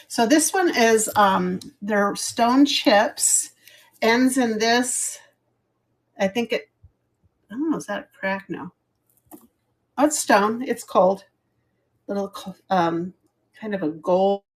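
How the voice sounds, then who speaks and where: A middle-aged woman hosts a casual live jewelry auction, chatty and rambling, laughing at her own fumbles in a self-deprecating way. Her voice is mid-range, and she takes it slowly with frequent pauses.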